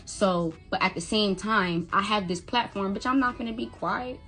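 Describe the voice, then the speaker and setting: In an emotional vlog monologue, a mother tells her son's story, speaking bluntly, swearing heavily and quoting conversations as she retells them. Her voice is medium-pitched and a bit bright, at normal speed, with soft music in the background.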